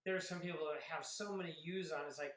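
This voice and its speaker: A man's voice: fairly high pitch, fast talker, fairly bright tone, echoey room, low-quality recording. A man in his fifties, an Air Force veteran guest, telling stories casually with laughs and acted-out quotes. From grew up in South Carolina. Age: 50s. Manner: chatty, laughs often, acts out quotes. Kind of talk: casual interview storytelling.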